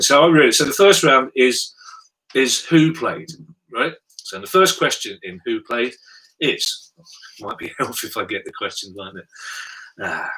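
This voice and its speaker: A man's voice: on the low side, pushed and bright, far from the mic, poor audio. A middle-aged man hosting a charity pub quiz from home, with dry self-mocking banter. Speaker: quiz host. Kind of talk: comic quizmaster patter.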